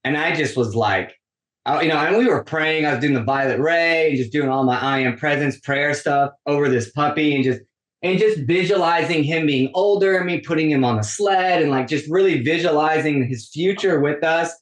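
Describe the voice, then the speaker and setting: In a roomy, echoing recording, a podcast guest with a fairly high-pitched voice tells a long story at normal speed. His casual, animated telling includes acted-out dialogue and frequent use of "like."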